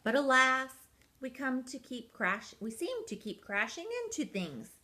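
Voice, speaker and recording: A woman's voice: high voice, very animated, measured pace, bright, forceful tone, pitched above the performer's own voice, full character voice. An older woman voicing a group of clumsy, overly formal penguins in a storybook reading. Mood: polite formal. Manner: formal, overly polite phrasing.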